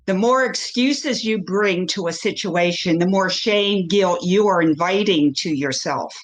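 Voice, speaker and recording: A woman on a panel, making an emphatic point and backing it with quick everyday examples. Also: fairly low pitch. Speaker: summit panelist. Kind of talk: casual panel discussion.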